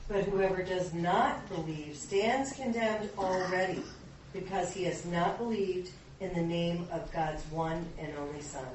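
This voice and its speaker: A woman volunteering to read scripture aloud, steady and careful, recorded from a distance in a church hall. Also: fairly low pitch, measured pace, a little hiss or hum. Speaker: volunteer Bible reader. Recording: echoey hall from far off.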